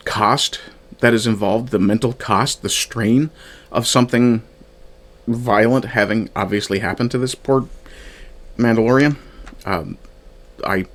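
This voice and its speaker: A man casually reviewing a fan film from his notes, thinking aloud with frequent fillers and restarts. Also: on the low side. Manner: reads from his own notes. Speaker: media reviewer.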